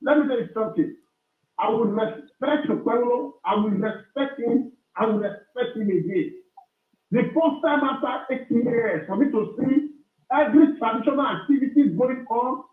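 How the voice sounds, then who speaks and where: A Nigerian man with a very high voice argues heatedly as a caller, hammering his points over and over. He comes through a thin, phone-like line with a hollow echo around him. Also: normal speed. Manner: forceful, repetitive, lecturing. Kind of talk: heated call-in argument. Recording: echoey tinny phone line.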